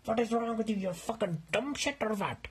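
A man's voice: high voice, brisk, slightly rough, pitched above the performer's own voice. A man voicing a brash, pushy male roommate who speaks in broken grammar and needles constantly, recorded on a phone held in hand. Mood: indignant.

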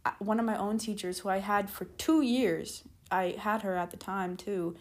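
A woman's voice: medium pitch, fairly even intonation, moderate pace. Chatty young woman telling a story. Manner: chatty, lots of "like" and "keep in mind" asides; rambling, loses her train of thought and backtracks. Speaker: storytime vlogger. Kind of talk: casual storytelling.

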